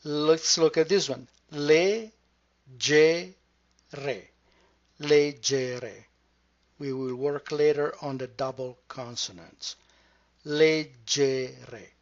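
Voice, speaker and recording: Male language teacher, very unhurried and careful delivery, muffled lo-fi recording. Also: a little high, fairly even intonation. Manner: careful, repeats words slowly to model sounds. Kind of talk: slow, deliberate pronunciation lesson. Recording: dull lo-fi recording.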